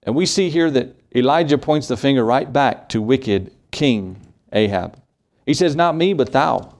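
Preaching in a forceful, pulpit manner, this man uses a middle-pitched voice with a slightly mellow quality. His pace is measured, and he drives each point home by asking one rhetorical question after another.

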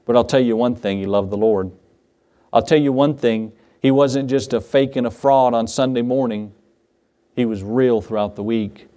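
A man's voice: mid-range voice, moderate pace, dark tone. A man preaching a Father's Day sermon as a pastor, earnest and given to repeated refrains. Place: church.

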